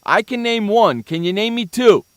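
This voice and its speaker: Loud mocking sports radio man. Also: high-pitched, normal speed, clean tone, no echo. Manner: mocking, insulting, loud bursts. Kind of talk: comedic sports talk rant.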